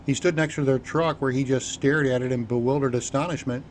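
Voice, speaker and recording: A man narrating an audiobook in an even, measured reading style. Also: medium pitch, a little hiss or hum. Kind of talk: scripted narration.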